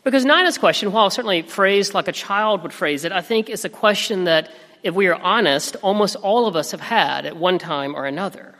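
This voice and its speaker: A man in his thirties preaching a sermon as pastor, telling a family story in a gentle, reflective way. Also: high voice, lively intonation, a little fast. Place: church sanctuary. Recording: reverberant sanctuary.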